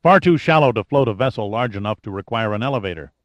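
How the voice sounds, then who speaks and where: A man reading an audiobook, voicing a stern, gruff older male admiral who growls his lines. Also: on the low side, animated, fast, no room sound, highs cut off, natural voice.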